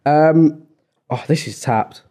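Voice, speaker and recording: A man's voice: on the high side, slow pace, dark tone. A young man hosting a podcast, chatting in loose banter and going off on tangents. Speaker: podcast host. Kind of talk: casual podcast chat.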